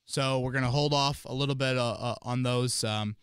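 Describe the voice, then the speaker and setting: A man hosting a casual sports podcast, talking in an animated, rambling way with many fillers and restarts. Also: mid-range voice, moderate pace, clean tone, no room sound, clean studio sound. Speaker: podcast host and team analyst.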